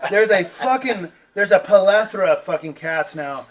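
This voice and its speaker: A man hosting a podcast, telling a profane, animated story and laughing as he goes. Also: high-pitched, normal speed, far from the mic, crowd noise. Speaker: podcast host. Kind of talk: casual storytelling. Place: outdoor front porch.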